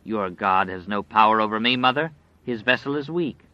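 A man voicing a menacing, grinning male wolf demon that taunts in a drawn-out, sneering way, in an audiobook. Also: on the low side, animated, no echo, natural voice. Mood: scornful. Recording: dry, slightly dull audio.

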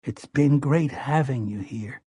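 A man voicing a curious, eager young farm boy, asking soft, eager questions. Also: mid-range voice, a little slow, husky, no echo, voice pushed up. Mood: whispering.

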